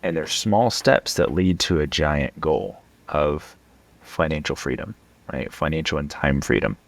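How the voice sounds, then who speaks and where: A man with a deep voice talks as a financial coach guest. He sounds earnest and emphatic, regularly checking in with tag questions, and the recording is close and dry. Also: animated, a little slow, creaky, dry recording. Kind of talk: casual conversation.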